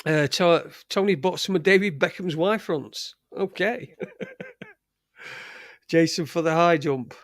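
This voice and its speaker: A man hosting a casual live stream, swearing freely and rambling through halting restarts. His voice sits fairly high for a man, and the sound is dry and close with no room echo. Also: sing-song. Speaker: live show host.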